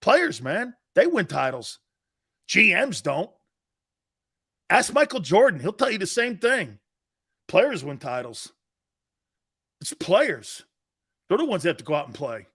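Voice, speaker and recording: A middle-aged man hosting a casual sports talk show, loud and jokey, bursting into shouts. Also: high voice, very animated, a little slow, long pauses, slightly rough.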